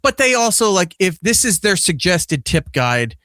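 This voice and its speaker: In a high-sitting voice at normal speed, a man who hosts a podcast and is a father retells a story full of profanity, performing the quoted lines. The recording is dry with clean studio sound.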